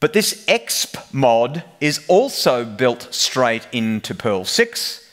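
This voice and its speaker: A man's voice: mid-range voice, big pitch swings, takes it slowly, a bit bright. A man giving a humorous technical conference presentation, telling the story like a joking storyteller. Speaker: conference speaker.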